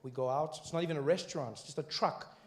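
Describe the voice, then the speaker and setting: A man in his thirties with a South African accent, performing stand-up comedy and telling stories in an animated way that rises to loud punchlines. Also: on the high side, fast talker, breathy edge.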